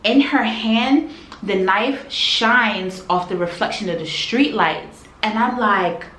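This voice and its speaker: A woman vlogger telling a personal story in a casual, animated, slangy way that swings between loud and quiet. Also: medium pitch, takes it slowly. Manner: animated, slangy retelling, shifts loudness. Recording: echoey room, faint background hum.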